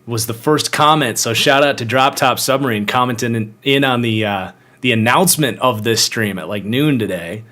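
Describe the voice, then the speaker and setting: A man's voice: medium pitch, normal speed, pushed and bright. A young man hosting a live football podcast, chatting casually and greeting viewers by name. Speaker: podcast host.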